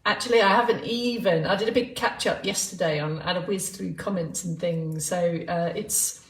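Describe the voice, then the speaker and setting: A woman's voice: fairly low pitch, normal speed. A woman runs a live movement class, chatting and joking as she greets people by name. Her voice sits back from the mic in a roomy, echoing space. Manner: chatty, rambling, jokey, greeting viewers by name. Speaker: exercise class instructor. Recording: roomy sound from a distant mic.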